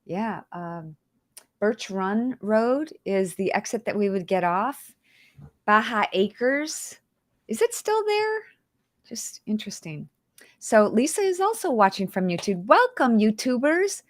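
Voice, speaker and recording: A woman's voice: medium pitch, lively intonation, unhurried, dry recording, clean studio sound. Chatty woman hosting a livestream. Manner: chatty, greets viewers by name; emotional, fighting back tears. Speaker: livestream host. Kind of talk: casual livestream chat.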